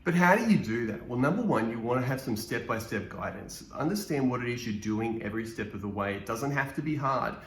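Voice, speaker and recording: A man's voice: medium pitch, animated, fairly quick, hardly any pauses. A man presenting a social media marketing training to a live event audience, in an upbeat, motivational way. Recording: roomy echo.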